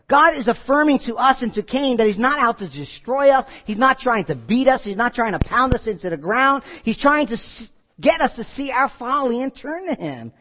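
Preacher, male, high lively delivery, dull lo-fi recording with a long hall echo. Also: moderate pace, few pauses. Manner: animated preaching, acts out quoted voices. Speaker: pastor. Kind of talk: sermon.

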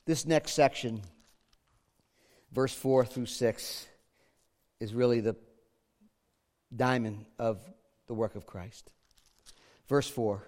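A man preaching a sermon as pastor, moving between hushed, quiet lines and loud, emphatic ones. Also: mid-range voice, animated, takes it slowly, pauses often.

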